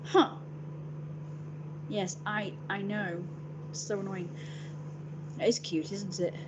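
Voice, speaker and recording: A woman's voice: mid-range voice, fairly even intonation, takes it slowly, heavy background noise. A woman chatting on a casual livestream, joking in a playful royal persona, rambling, answering chat aloud and swearing freely.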